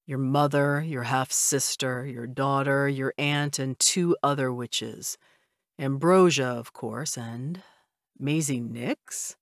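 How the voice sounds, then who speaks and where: A woman reading an audiobook voices a solemn male vampire who speaks in a low, measured way. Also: steady tone, gravelly, a bit bright, dry recording, clean studio sound. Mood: grave. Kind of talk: audiobook character voice.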